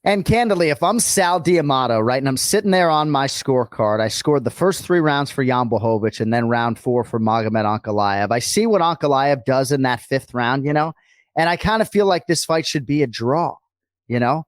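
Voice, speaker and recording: A man co-hosting a podcast, talking casually and energetically, with quick asides. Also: medium pitch, expressive, no echo, studio quality. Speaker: podcast co-host. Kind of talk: casual chat.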